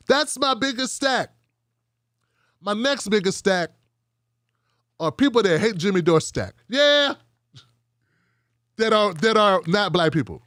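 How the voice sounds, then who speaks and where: A man's voice: sits high, sing-song, slow pace, long pauses, fairly bright tone, no room sound, studio quality. A man hosting a political commentary livestream, talking in a rambling, profane, wry way.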